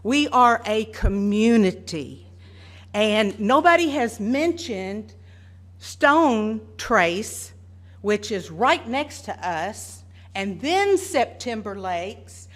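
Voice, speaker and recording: A woman, speaking earnestly and deliberately as a resident during public comment at a meeting. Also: on the high side, sing-song, a bit bright. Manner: earnest, deliberate, listing details. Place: council meeting room.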